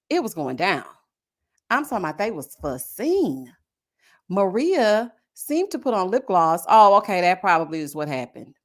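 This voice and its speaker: A woman hosting a casual live stream, talking about a dating show in a sassy, animated way with frequent laughing asides. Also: medium pitch. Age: adult with a child. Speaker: YouTube host reviewing a reality dating show.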